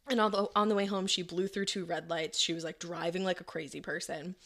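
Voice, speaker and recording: Gravelly-voiced woman telling a crime story. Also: fairly low pitch, steady tone, brisk, fairly bright tone. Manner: chatty, quoting people in her own voice, many "like"s. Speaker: podcast co-host telling the case. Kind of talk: casual true crime storytelling.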